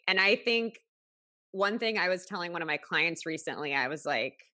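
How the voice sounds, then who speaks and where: A woman hosts a podcast and speaks in a measured, thoughtful way. Her voice sits low but has a bright edge. The recording is dry and close. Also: no echo. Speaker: podcast host, coach. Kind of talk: casual podcast conversation.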